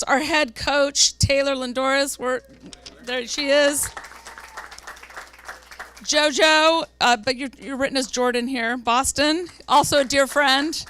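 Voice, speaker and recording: A woman school board member presenting awards at a public meeting, earnest, reading names slowly and carefully. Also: high voice, fairly bright tone, slight background noise.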